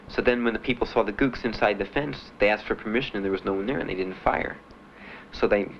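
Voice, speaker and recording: A man being interviewed about his time in the service, telling his story in a halting, plainspoken way with many fillers. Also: lowish voice. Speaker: veteran interviewee. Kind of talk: documentary interview. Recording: dull archival recording with faint hiss.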